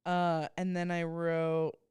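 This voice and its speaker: A woman co-hosting a podcast in casual chat, with a profane, slangy, animated way of talking. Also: on the low side, slow, clear, resonant tone, no room sound, studio quality. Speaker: podcast co-host.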